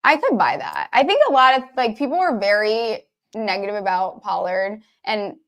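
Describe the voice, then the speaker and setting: A woman's voice: medium pitch, expressive, normal speed, a bit bright. Chatty woman discussing football picks. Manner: chatty, rambling, lots of fillers like "like". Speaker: sports betting podcast co-host. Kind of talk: casual chat.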